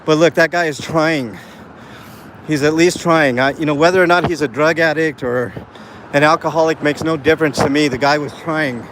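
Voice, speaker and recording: A man's voice: fairly high pitch, moderate pace, fairly bright tone. Earnest man streaming on a city walk. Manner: earnest rambling talk to chat, many fillers. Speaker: live streamer. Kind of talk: walking live stream vlog. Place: city street outdoors. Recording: faint street noise outdoors. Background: street and traffic sounds.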